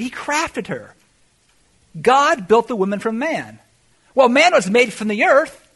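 A man preaching a sermon as pastor, animated, swinging between shouted exclamations and quiet asides. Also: high voice, husky.

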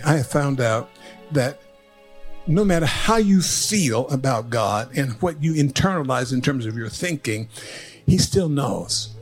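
An older man preaching a sermon, telling stories and swinging from hushed asides to rising, emphatic lines. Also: mid-range voice, gravelly. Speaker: pastor.

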